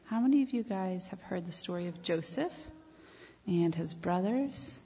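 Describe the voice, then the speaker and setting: Woman, children's sermon, gentle storytelling, gravelly, long church reverb. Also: lowish voice, animated, moderate pace. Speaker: children's time leader. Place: church sanctuary. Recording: echoey church hall, dull lo-fi sound.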